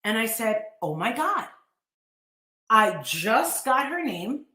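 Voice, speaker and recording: A woman's voice: fairly high pitch, slow pace. Storytelling woman in an echoey room. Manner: animated, acts out quoted dialogue. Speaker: live-streamer recounting events. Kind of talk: casual storytelling.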